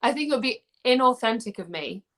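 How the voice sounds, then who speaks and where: A young singer from England chats casually on video about her music, meandering, restarting sentences and leaning on fillers as she works things out. Her voice is a little high and a bit bright, expressive and a little fast.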